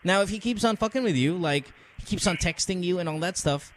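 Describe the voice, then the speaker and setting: A man's voice: sits high, a little fast, slight background noise. A man hosting a podcast, giving blunt, profane advice in casual chat. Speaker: podcast host. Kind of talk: casual crude advice talk.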